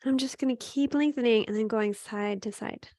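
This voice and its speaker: A woman with a fairly high voice leads a gentle yoga class, her instructions calm and encouraging. She checks in with students as she goes and fills pauses with soft "um"s. The sound is close and dry, with no room echo. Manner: calm, encouraging cues with frequent "right?" and "um"; speaks to students by name. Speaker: yoga teacher.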